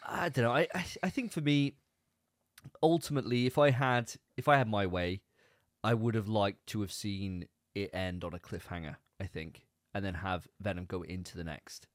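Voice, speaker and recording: A man's voice: fairly low pitch, steady tone, moderate pace, no echo, clean studio sound. A man co-hosting a podcast, chatting casually and rambling with repeated words. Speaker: podcast co-host. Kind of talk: casual chat.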